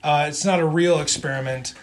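A man's voice: fairly high pitch, steady tone, brisk. Man casually recapping a comic book. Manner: rambling, many ums and restarts. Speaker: podcast co-host.

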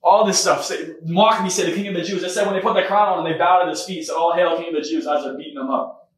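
A man's voice: fairly high pitch, steady tone, fast talker. A man hosting a podcast, preaching a casual spoken sermon with fervor, tossing in "man", "right?" and "come on". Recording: very echoey room, mic far off.

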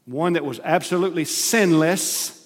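A man preaching a sermon as pastor, emphatic, rising to loud stressed phrases and dropping to soft asides. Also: on the high side, moderate pace. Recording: long hall reverb.

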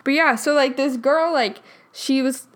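A young American woman chatting on a podcast with a friend, pitched a little high. She tells her stories with energy and acts out what other people said. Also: measured pace. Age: young adult. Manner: animated storytelling, quotes people in her stories. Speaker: podcast co-host. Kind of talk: casual chat.

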